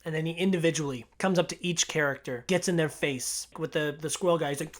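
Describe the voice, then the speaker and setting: Excitable young man gushing about a film. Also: on the high side, quick pace. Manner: excitable, gushing, laughs often, heavy "like" filler. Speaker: film reviewer. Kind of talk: casual movie review.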